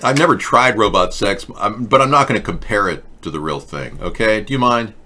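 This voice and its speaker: Sarcastic male talk-show host, lively pitch. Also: fairly quick, slight background noise. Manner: sarcastic, mocking. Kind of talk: casual satirical chat with live chat.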